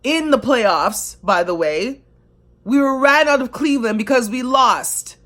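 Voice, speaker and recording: In a bright, expressive voice on the higher side, a Canadian woman recounts her life as a devoted sports fan at a measured pace. Her storytelling to camera is emotional, passionate, and conversational, with many filler words.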